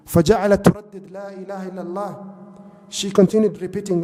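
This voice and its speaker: A man's voice: sits high, level tone, racing, dark tone, big-room sound. A man preaching a sermon, telling stories earnestly and mixing in Arabic phrases. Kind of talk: sermon storytelling.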